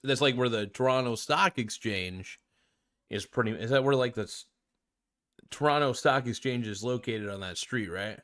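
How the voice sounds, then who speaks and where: A man's voice: medium pitch, moderate pace, a bit bright. A man hosting a casual reaction video, talking in a laid-back, slangy way with plenty of swearing while he snacks on crackers.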